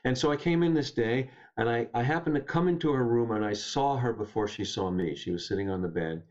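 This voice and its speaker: A man speaking as a guest poet, telling stories and reading poems in a gentle, unhurried, reflective way. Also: lowish voice, dull audio. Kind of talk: reflective storytelling and poetry reading.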